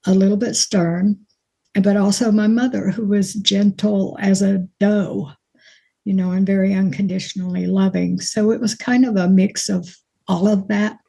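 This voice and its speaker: A woman from Alabama with a mild Alabama accent, chatting as an actress guest in an interview, folksy and quick to laugh. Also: mid-range voice, level tone, gravelly, warm tone. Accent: mild Alabama Southern. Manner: folksy, chatty storyteller who laughs easily. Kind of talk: casual interview chat.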